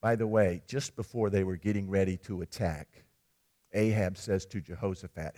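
A man preaching a sermon, retelling a scripture story in a conversational, animated way. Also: low voice, moderate pace.

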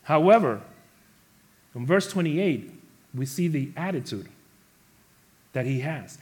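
A man preaching a sermon to his congregation, animated, acting out the quoted characters and rising to loud emphasis. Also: a little high, takes it slowly, pauses often. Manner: speaks to the congregation as church family. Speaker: pastor.

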